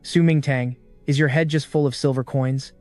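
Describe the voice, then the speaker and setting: A man's voice: medium pitch, steady tone, normal speed, darkish tone, faint music behind, close to an everyday voice. A man voicing a blunt, teasing young general.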